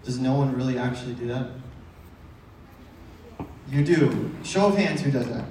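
A man's voice: medium pitch, moderate pace, darkish tone, slight background noise. A male pastor preaching a casual, conversational sermon in a church, often asking the congregation rhetorical questions. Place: church sanctuary. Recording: echoey hall from far off.

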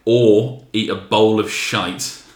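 A man hosting a podcast in casual chat, teasing and relaxed, swearing casually. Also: on the low side, slow, echoey room. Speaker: podcast host.

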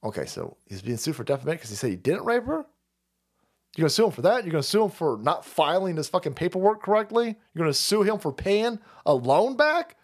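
A man hosts a livestream with crude, mocking political commentary. His voice sits a little high and swoops widely as he rants, sneers and laughs. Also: very animated, fairly quick. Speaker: streamer host. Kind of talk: profane political commentary stream.

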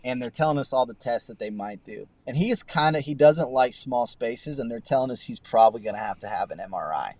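A man's voice: mid-range voice, animated, fairly quick, few pauses, darkish tone, dry recording. A man, a guest pastor, telling a personal faith story in an earnest, conversational way with frequent restarts. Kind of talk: conversational testimony on a podcast.

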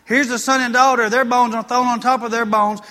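Male pastor, folksy sermon storyteller, bright tone, long hall echo. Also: extremely high pitch, level tone, a little fast. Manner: folksy storytelling preacher, rising to emphatic preaching. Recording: long reverb of a church hall.

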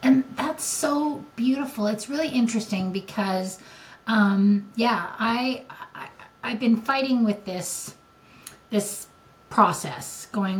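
Older woman podcast host, casual chat, a bit high-pitched, open and emotional, lots of restarts. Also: slow, rough recording. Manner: candid and emotional, with many restarts. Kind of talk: casual conversation.

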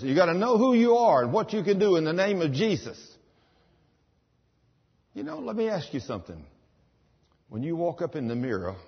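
A man's voice: medium pitch, breathy edge. A man preaching a sermon, emphatic, rising into commanding bursts. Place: church. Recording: dull sound with long hall reverb.

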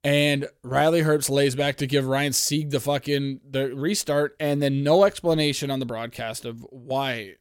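A man's voice: mid-range voice, steady tone, measured pace, hardly any pauses, clean tone, dry recording, clean studio sound. A man from Canada hosting a casual sports podcast, ranting in a profane, heated, rambling way. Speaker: podcast host.

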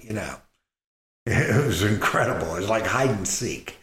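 A middle-aged man casually telling a personal story in a rambling, halting way, full of restarts and fillers. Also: on the low side, lively intonation, fairly bright tone. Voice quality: gravelly. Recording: roomy echo.

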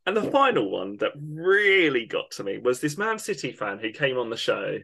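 A man's voice: medium pitch, very animated, normal speed, vocal fry, fairly bright tone. A man co-hosting a football podcast, ranting with emphatic indignation. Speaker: podcast co-host. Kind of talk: opinionated football podcast rant.

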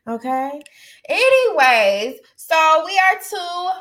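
A woman's voice: high voice, very animated, slow pace, creaky, fairly bright tone. A woman hosting a podcast, chatting casually and giving outspoken, emphatic advice. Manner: outspoken, emphatic, repeats phrases for effect. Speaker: podcast host.

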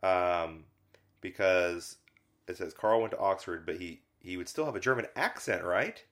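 A man's voice: low voice, moderate pace, a bit bright. A man co-hosting a casual film podcast, rambling with lots of fillers and restarts. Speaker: podcast co-host reviewing films. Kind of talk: casual chat.

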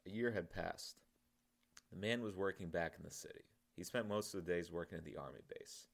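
A man reading his own novel aloud in a calm, measured audiobook narration. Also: deep voice, creaky.

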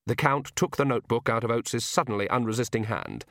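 A man narrating a comic fantasy audiobook in a measured, wry storytelling way. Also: medium pitch, animated, vocal fry, a bit bright, dry recording, studio quality. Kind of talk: scripted narration.

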